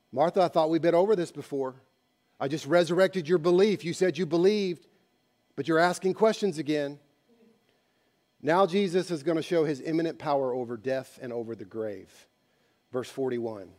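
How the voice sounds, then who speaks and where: A man preaching a sermon, telling a story dramatically and moving between hushed passages and loud ones. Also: fairly high pitch, moderate pace. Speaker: pastor.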